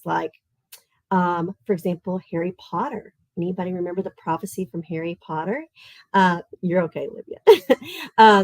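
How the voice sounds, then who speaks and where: A woman's voice: fairly low pitch, no room sound, poor audio. Southern Tennessee woman, friendly online teacher for kids' lit camp, chatty, dry close sound. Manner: chatty and animated, asks kids questions, reads verse slowly and rhythmically. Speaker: teacher leading an online summer literature camp. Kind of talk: live online lesson for children.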